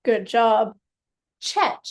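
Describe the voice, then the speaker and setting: A woman's voice: on the high side, animated, drawn-out words. An Australian woman tutoring a child through a phonics lesson, patient and encouraging. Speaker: reading tutor.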